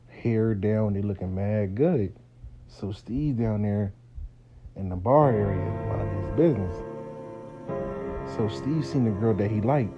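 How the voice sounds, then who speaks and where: A man in casual comedic storytelling, slangy and animated, telling a story as a spiritual worker. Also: on the low side, highs cut off. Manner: slangy, animated retelling, acting out both sides.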